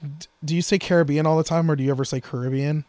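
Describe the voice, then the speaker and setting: Male podcast co-host, casual rambler, wry jokes, fairly high, mellow tone. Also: steady tone, rapid-fire, no room sound. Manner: rambling, jokey, trails off into mutters. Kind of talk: casual chat about guitar gear.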